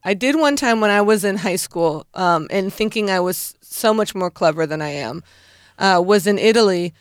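A woman's voice: mid-range voice, lively intonation, normal speed, clear, resonant tone, no room sound, clean studio sound. Giggly woman telling a self-deprecating story. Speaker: contestant. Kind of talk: comic storytelling on a podcast.

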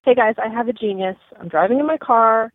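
A woman's voice: fairly high pitch, a little fast, noisy background. A woman caller leaving an eager, chatty voice message from her car. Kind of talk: phoned-in voice message. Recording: tinny phone line.

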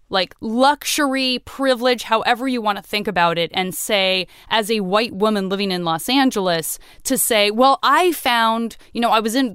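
A woman hosting a podcast talks in a relaxed, animated way. Her voice is smooth and resonant, and the recording is dry and close, with no room sound. She often jumps up in pitch when she quotes people. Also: no room sound. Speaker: podcast host. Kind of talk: casual conversation.

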